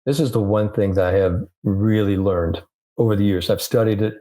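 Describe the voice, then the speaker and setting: An older man from the United States, a sports psychologist and guest, telling stories in an animated, loose way full of "you know"s. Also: on the low side, normal speed. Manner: animated storyteller, many "you know" fillers. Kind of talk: casual storytelling interview.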